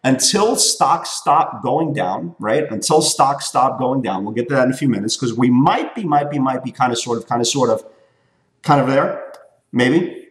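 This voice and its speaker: A man in his forties talks through a trading lesson with emphatic, repetitive insistence, driving each point home and tagging lines with quick checks to the listener. His voice sits at an ordinary middle pitch. The recording carries a noticeable roomy echo. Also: animated. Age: 40s. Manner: emphatic, repeats points, tags lines with "okay?" and "right?". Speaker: trading educator. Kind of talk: weekly market recap talk.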